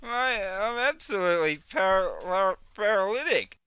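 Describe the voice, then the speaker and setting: A man's voice: sits high, expressive, moderate pace, bright, forceful tone, clean tone, no echo, full character voice. A man with an Australian accent voicing a drunk male mate who keeps turning down another beer, slurring and apologetic. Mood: sheepish.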